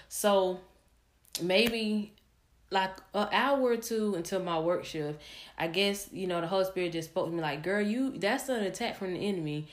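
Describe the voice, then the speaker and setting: Low-voiced woman telling a candid story. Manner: candid, rambling, many fillers and restarts. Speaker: podcast host. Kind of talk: personal storytelling.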